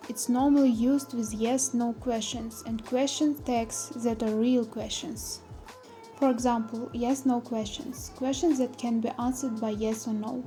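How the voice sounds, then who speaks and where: Young student girl from kyrgyzstan reading a lesson, high but mellow voice, slow careful examples, faint music behind. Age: young adult. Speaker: student presenter. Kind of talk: read-aloud lesson presentation.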